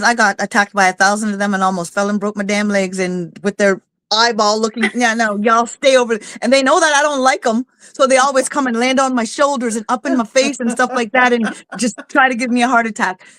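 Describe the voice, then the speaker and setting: A woman's voice: fairly high pitch, fairly even intonation, brisk, hardly any pauses, a bit bright, no echo. Woman, casual talk-show host, blunt, salty humor, dry recording. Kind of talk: casual chat.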